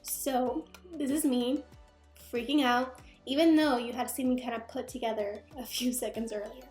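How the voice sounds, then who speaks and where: A woman teacher narrating her vlog in a quick, confiding, casual way. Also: fairly high pitch, fairly even intonation, a little mellow, roomy sound, soft background music. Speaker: vlogger, teacher.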